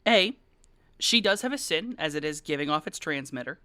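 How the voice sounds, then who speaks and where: Bright, crisp-voiced game master. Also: mid-range voice, lively intonation, normal speed, dry recording. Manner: rambling, filler-heavy, conversational. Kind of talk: describing scenes for players.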